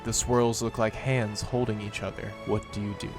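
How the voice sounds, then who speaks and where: A man narrating as the game master of a tabletop role-play game, setting scenes in a measured, dramatic way. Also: fairly low pitch, little pitch movement, over music.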